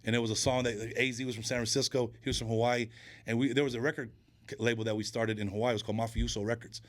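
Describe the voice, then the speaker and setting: A man guesting on a podcast, chatting casually and telling animated stories, acting out other people's lines. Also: mid-range voice, rapid-fire. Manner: animated storyteller who acts out quoted voices. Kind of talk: casual interview chat.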